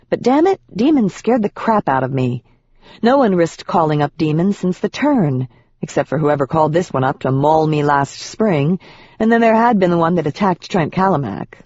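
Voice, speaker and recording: An audiobook narrator telling a first-person fantasy story in a measured, even voice of middling pitch. The recording is dry, with no room sound at all, and slightly dull and muffled. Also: dry recording.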